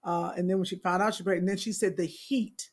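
Woman co-host, relaxed, conversational, supportive. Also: lowish voice, quick pace, breathy edge. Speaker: podcast co-host. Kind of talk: casual chat.

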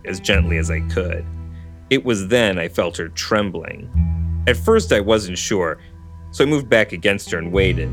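A man reading a novel aloud in steady first-person narration, with dry asides to a co-host. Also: low-pitched. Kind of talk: storybook reading with casual commentary. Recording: guitar music under the voice.

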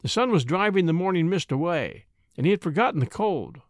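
A man reading a classic story aloud in a measured, storytelling way. His voice sits a little high and moves through a lively range. The recording is close and completely dry. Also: no room sound. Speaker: audiobook narrator. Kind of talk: expressive scripted narration of a classic story.

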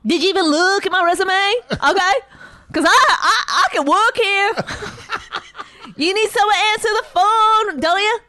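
A woman's voice: extremely high pitch, normal speed, dry recording, voice pushed up. A woman putting on the voice of an indignant woman just turned down for a job. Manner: loud, pleading, indignant.

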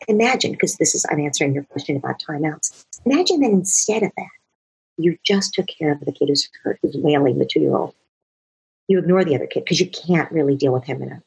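A woman's voice: low voice, gravelly, a little mellow, slightly rough, poor audio. A middle-aged woman, a parenting expert, earnestly explaining her advice in an interview, using worked-through examples.

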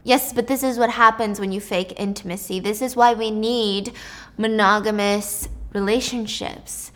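A woman's voice: mid-range voice, fairly even intonation, normal speed, fairly bright tone, lightly acted. Woman playing a preachy male commentator, smug, certain. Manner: preachy, self-assured. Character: smug male pundit on the news.

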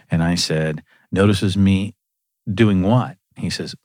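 A man with a low, deep voice tells stories in a relaxed, animated way, laughing as he goes. The sound is close and dry, with no room echo. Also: takes it slowly. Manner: animated storyteller who laughs through his anecdotes. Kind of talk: casual storytelling conversation.

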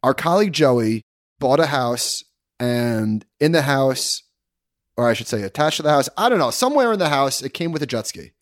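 A man's voice: medium pitch, sing-song, moderate pace, no echo, studio quality. A man co-hosting a podcast, telling a rambling anecdote in casual chat and correcting himself as he goes. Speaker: podcast co-host.

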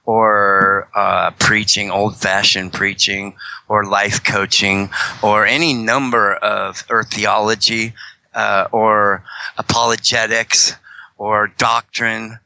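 Male podcast guest, loose and digressive, constantly correcting himself, bright tone. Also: fairly low pitch, no room sound, poor audio. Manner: rambling, joking, many self-corrections. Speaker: guest, fellow fringe Christian show host. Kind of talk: casual podcast chat.

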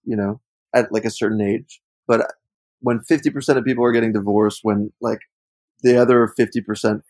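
Gravelly-voiced man in frank podcast talk. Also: on the low side, darkish tone, no echo, poor audio. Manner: reflective, frank, many "like" fillers. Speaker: podcast co-host. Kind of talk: casual podcast chat.

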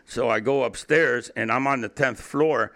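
A man's voice: medium pitch, normal speed, a bit bright. An older man from Cuba, a guest in an interview, telling his story bluntly with profanity, frequent laughs and repeated words. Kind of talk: candid storytelling in a podcast interview.

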